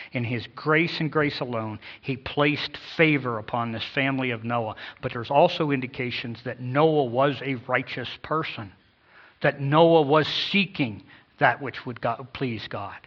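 Emphatic male pastor preaching. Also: mid-range voice. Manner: emphatic, with sudden swells in loudness. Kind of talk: sermon. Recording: dull lo-fi sound.

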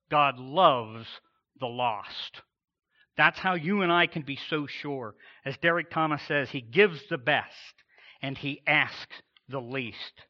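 Emphatic preaching man, lo-fi recording. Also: on the high side. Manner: emphatic preaching with dramatic pauses and swells. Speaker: pastor. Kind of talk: sermon.

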